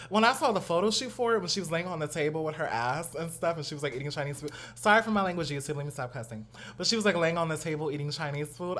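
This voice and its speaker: A young man talks straight into a studio mic in a casual reaction chat. His pitch leaps around in a lively way. He keeps piling on slang and asides. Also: fast talker. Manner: animated, chatty, full of slang and asides. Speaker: host. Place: at home. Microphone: new studio mic.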